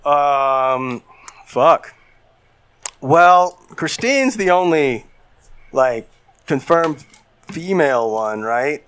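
Slow-talking man joking crudely. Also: a little high, lively intonation, fairly bright tone, clear, resonant tone. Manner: crude joking, quick laughs. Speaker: podcast co-host. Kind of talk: casual comedic banter.

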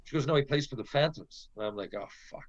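A man's voice: medium pitch, quick pace, highs cut off. Middle-aged man telling a rowdy story. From Canada. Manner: animated, profane storyteller who acts out quotes. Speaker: former pro hockey player, podcast guest. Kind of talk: casual anecdote storytelling.

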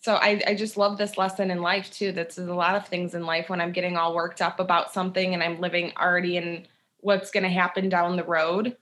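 A woman's voice: lowish voice, flat delivery, brisk, fairly bright tone. A young woman guest in casual chat, earnest and thoughtful. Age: young adult.

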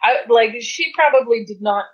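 A woman's voice: fairly high pitch, moderate pace, dull audio. A woman playing a tabletop game, chatting casually and teasing the other players.

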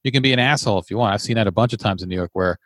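A man from Virginia with a low voice chats on a podcast, laying out his thoughts in long reflective explanations. The recording is dry and close. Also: very fast, fairly bright tone, dry recording. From Virginia, USA. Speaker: co-host. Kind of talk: casual chat.

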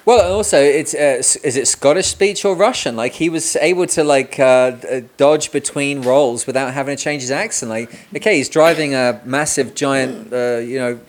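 A man's voice: medium pitch, moderate pace, few pauses. A man hosting a podcast interview from home, chatting casually with lots of fillers and jokes. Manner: joking, rambling with many fillers. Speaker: podcast host. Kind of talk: casual remote interview chat. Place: home room with a cat.

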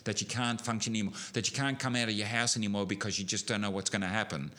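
A middle-aged man preaching a sermon, animated, building to emphatic peaks with frequent restarts. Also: on the low side, quick pace.

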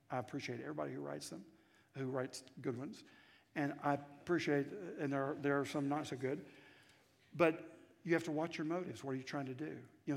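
A man with a Southern American accent preaching a sermon, telling a story and swinging between hushed asides and loud, emphatic climaxes. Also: fairly high pitch, vocal fry. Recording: reverberant hall.

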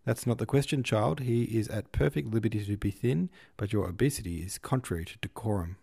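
A man's voice: lowish voice, fairly quick, creaky, mellow, breathy edge. A man voicing a theatrical, proud middle-aged father who declaims in grand, pompous phrases in an audiobook reading. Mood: mock-pompous.

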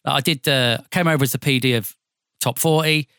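A man's voice: mid-range voice, brisk, clean tone, no echo, studio quality. A man with a Northampton accent, a radio presenter, telling stories animatedly in a casual interview and swearing freely. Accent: Northampton English. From England. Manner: animated storyteller, acts out voices, swears freely.

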